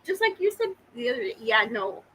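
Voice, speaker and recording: High-voiced woman, teasing podcast chat. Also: big pitch swings, brisk, a bit bright, slight background noise, rough recording. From Oklahoma. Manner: teasing, laughs often. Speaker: podcast co-host. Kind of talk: casual live chat.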